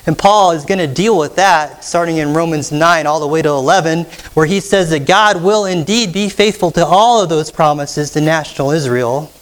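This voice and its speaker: Male pastor, high voice, emphatic teaching sermon, quizzes the congregation. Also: normal speed, hardly any pauses. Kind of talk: expository sermon.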